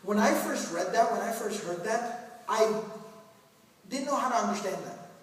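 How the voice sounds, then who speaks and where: A man's voice: high-pitched, lively intonation, moderate pace. A man giving a mosque talk in a conversational, humorous way, asking the audience questions. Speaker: preacher. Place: mosque hall. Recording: echoey hall from far off, faint noise.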